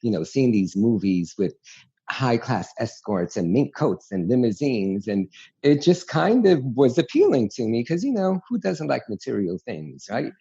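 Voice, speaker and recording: A gravelly, husky man tells stories in a lively, chatty way. His voice sits low and mellow. The audio sounds dull and lo-fi, as if over a remote line. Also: unhurried. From New York City. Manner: animated, chatty, frank storyteller. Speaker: guest. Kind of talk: candid storytelling interview.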